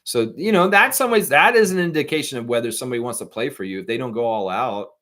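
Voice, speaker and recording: A livestream host with a Southern accent and a mid-range voice talks quickly on a casual stream. He rambles animatedly, reads and answers viewer comments, and quotes imagined voices.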